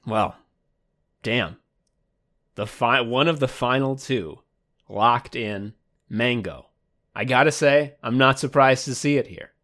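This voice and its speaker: A man's voice: mid-range voice, takes it slowly, pauses often, bright, forceful tone. A man co-hosting a comedy podcast, rambling in a mock sports announcer manner. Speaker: podcast co-host.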